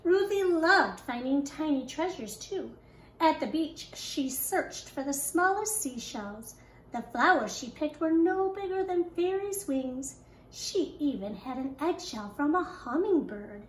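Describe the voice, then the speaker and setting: A woman kindergarten teacher reading a picture book aloud with expressive, animated storytelling. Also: sits high, measured pace, a little hiss or hum. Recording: echoey room.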